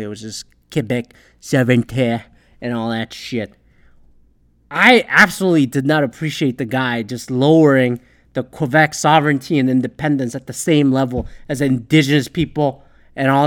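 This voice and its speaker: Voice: mid-range voice, fairly bright tone. A Canadian speaker ranting about politics, swearing constantly, rambling and sarcastic. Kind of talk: profane political rant.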